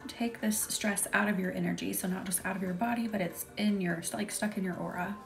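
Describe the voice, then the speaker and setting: Young woman, reiki host on a live stream, chatty and giggly, drifts into whispers, soft music behind. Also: mid-range voice, steady tone, a little fast, creaky. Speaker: reiki practitioner hosting a live session. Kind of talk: casual live-stream chat with guided energy work.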